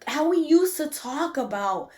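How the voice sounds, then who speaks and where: A woman in her forties co-hosting a casual faith podcast, telling stories with lots of laughter and many "like" fillers, sometimes going soft and hushed. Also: high-pitched, unhurried. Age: 40s. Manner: animated storyteller, laughs often, drops to a hushed tone when preaching. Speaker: podcast co-host.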